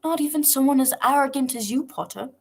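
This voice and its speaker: A woman's voice: sits high, fast talker, voice pushed up. A woman voicing a sneering, spiteful middle-aged male teacher in a fan fiction read-along. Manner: sneering, cold and mocking.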